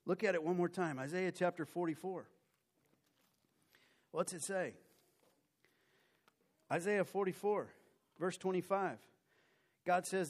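A man's voice: sits high, unhurried, long pauses. Male preacher telling a personal story. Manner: animated, self-mocking storyteller who acts out his own story. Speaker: preacher giving a testimony. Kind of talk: sermon storytelling.

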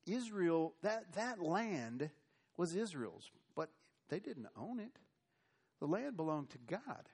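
A man's voice: high-pitched, sing-song, slow pace, darkish tone, slightly rough. Folksy American preacher man. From United States. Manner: folksy, conversational storytelling. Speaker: pastor. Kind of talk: sermon.

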